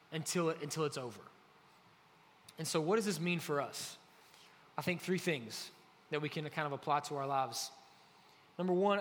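A man preaching a relaxed, conversational sermon, often filling pauses with "like". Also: a little high. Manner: conversational, heavy use of "like". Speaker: pastor. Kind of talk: casual sermon. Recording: faint hall reverb, light noise.

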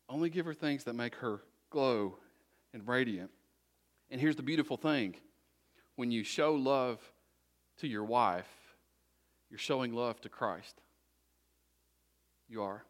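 A man's voice: mid-range voice, a bit bright. A middle-aged man preaching a sermon as a pastor, talking conversationally and repeating short exhortations.

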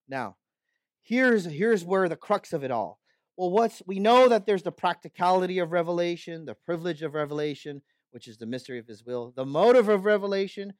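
A man's voice: sits high, dry recording. A male pastor giving an earnest expository sermon, often checking in with his listeners and building to impassioned rhetorical questions.

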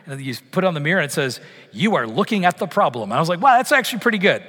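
A male pastor preaching a sermon, telling a personal story with animated, acted-out quotes. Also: fairly high pitch, very fast, breathy edge. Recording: long hall reverb.

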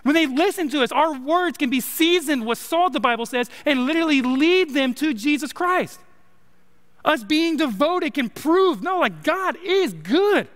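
Young male college minister, bright voice. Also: extremely high pitch, expressive, measured pace. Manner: casual, joking preaching with many likes and rights. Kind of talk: sermon. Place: church sanctuary. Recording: long hall reverb.

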